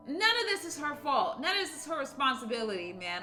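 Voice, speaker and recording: A woman's voice: high-pitched, big pitch swings, a little fast, sharp tone, soft background music. A woman streamer giving gameplay commentary with emotional, effusive reactions. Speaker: let's play streamer.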